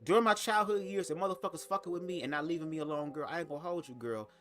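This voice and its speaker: A young storytime vlogger races through a personal tale to camera, sassy and profane, hitting words hard with big swings in pitch. His tone is fairly bright.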